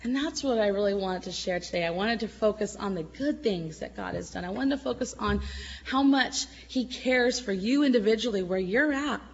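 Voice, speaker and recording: A middle-aged woman giving an emotional church testimony, at times tearful, swinging between loud exclamations and soft murmurs. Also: mid-range voice, expressive, moderate pace, lo-fi sound, slight background noise.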